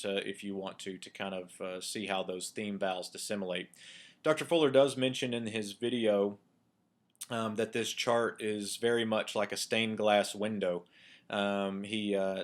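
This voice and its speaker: Male instructor, lowish voice, relaxed recorded slide lecture, lots of ums, walks through steps out loud. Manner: relaxed, with frequent um and uh fillers; explains step by step, asking himself questions. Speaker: Hebrew instructor.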